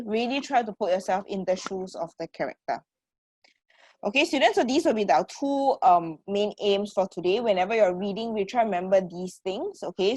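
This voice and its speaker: A woman teacher with a Singaporean accent runs an online English lesson through her computer mic. She keeps checking in with her students and calls them sweetheart. The sound is dry and close, with no room echo. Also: mid-range voice. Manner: checks in constantly with "okay" and "right?".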